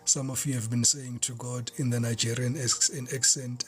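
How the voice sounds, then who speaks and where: A man giving a collective tarot reading, fervent and repetitive, often dropping into hushed whispers. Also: mid-range voice, flat delivery, moderate pace, hardly any pauses, husky, faint music behind. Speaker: tarot reader.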